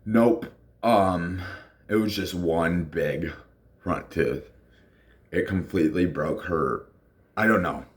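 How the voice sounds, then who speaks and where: Deep voiced guy telling a story real slow, lots of ums, acts out the quotes. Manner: rambling storytelling with fillers, acting out quotes. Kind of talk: casual personal testimony.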